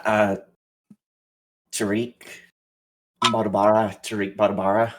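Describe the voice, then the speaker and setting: Low-voiced, hesitant man at a game table. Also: moderate pace, noisy background. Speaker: player. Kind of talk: tabletop role-play narration.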